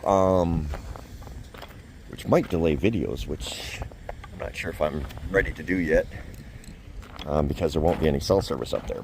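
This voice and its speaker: A man's voice: low voice, a little mellow, a little hiss or hum. Chatty middle-aged man vlogging outdoors. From Canada. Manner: chatty and self-deprecating, often chuckling. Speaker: travel vlogger. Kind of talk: casual vlog walk-and-talk. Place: outdoors at a fish hatchery, cold wind.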